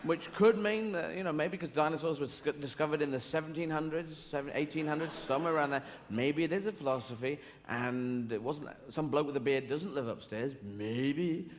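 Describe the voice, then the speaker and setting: A man's voice: on the high side, fairly quick, few pauses. A man performing stand-up comedy in a large theatre, rambling and digressing, cutting himself off mid-thought. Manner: rambling, digressive, self-interrupting. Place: large theatre, live audience. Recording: live theatre hall reverb with audience noise. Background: audience ambience.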